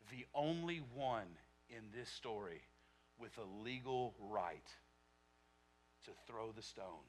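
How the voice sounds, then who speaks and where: A man preaching a sermon to his church, dropping to a near whisper and then rising to loud shouts, repeating phrases for emphasis. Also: fairly low pitch, lively intonation, slow. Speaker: pastor.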